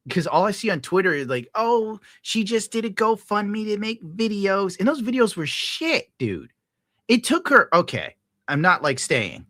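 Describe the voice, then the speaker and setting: A man talks casually on a livestream, rambling and swearing as he reacts to chat. His voice is bright and forceful. The sound is dry and close, with no room echo. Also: medium pitch. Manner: profane, rambling, laughs often. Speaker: livestreamer reading chat messages.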